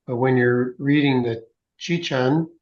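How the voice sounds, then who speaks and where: Male host on a video call; affirming, gentle, mid pitch, muffled lo-fi audio. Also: fairly even intonation, measured pace. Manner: warm affirming responses, gentle and encouraging. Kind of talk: casual video call chat.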